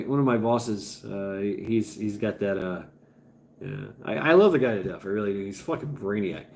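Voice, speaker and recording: A man's voice: lowish voice, darkish tone. A man hosting a casual livestream, rambling and chatting with his viewers with stammering restarts and some swearing. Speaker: livestream host. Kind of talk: casual livestream chat, reading chat.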